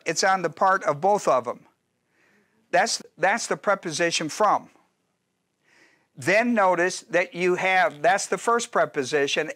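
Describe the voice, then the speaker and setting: A man's voice: high voice, a bit bright, dry recording, studio quality. A man teaching a Bible study as pastor, talking in an emphatic, repetitive way and checking often that his listeners follow.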